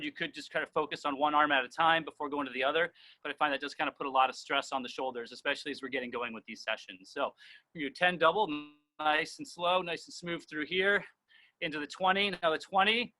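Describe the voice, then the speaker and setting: A man coaching a live swim-band workout, explaining each set calmly and counting reps aloud. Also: fairly high pitch, quick pace. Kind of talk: guiding a live workout session.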